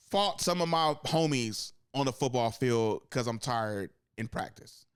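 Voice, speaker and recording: Rambling, profane young man with a smooth voice. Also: very animated, moderate pace, no echo, studio quality. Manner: rambling, profane, acts out quotes with sudden high-pitched bursts. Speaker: podcast co-host. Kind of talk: casual sports chat.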